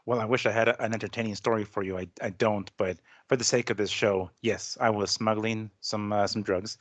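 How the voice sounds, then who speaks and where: A man on a casual podcast panel, answering with low-key deadpan jokes. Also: brisk, dry recording.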